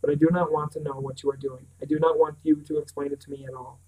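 A man's voice: on the high side, flat delivery, distant mic, natural voice, low-quality recording. A man reading the lines of a lean, weathered older sheep farmer who talks plainly and at times sharply, in an audiobook reading. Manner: slow, plain-spoken, occasionally sharp.

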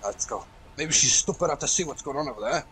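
Raspy gravelly dude yelling and swearing through a horror game, high voice that swings all over. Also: male voice, quick pace. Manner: excitable, profane, shouts at the game. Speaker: gaming channel host. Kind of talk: let's play commentary.

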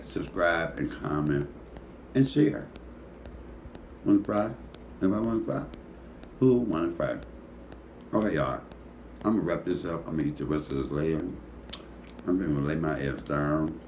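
A man's voice: rumbling low, a little mellow, a little hiss or hum. A middle-aged man with a Detroit accent, a comedian hosting his cooking show, rambling sleepily with profane comic stories. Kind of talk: casual talk to camera.

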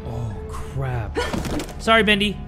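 A man giving let's play commentary on a horror game, admitting nerves and remarking slowly. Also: mid-range voice, sing-song, over music. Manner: nervous, slow, admiring remarks. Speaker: gaming YouTuber.

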